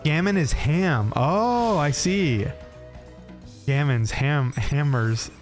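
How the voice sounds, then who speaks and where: A man's voice: fairly high pitch, lively intonation, slow pace, faint music behind. A young American man streaming a game, chatting with viewers in a rambling, laughing way and swearing freely. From United States. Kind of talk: casual chat with viewers while gaming.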